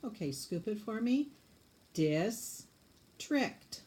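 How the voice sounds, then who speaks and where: A woman teaching spelling, dictating words slowly and patiently and sounding them out letter by letter. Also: medium pitch, big pitch swings, mellow.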